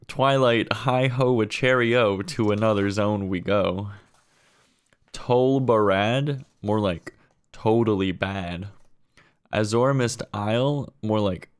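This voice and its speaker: Brief: man, deadpan pun roasts, low voice, unhurried delivery. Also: clean tone. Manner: deadpan, drops lower and quieter for each punchline. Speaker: comedian. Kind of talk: comedy monologue of pun-filled roasts.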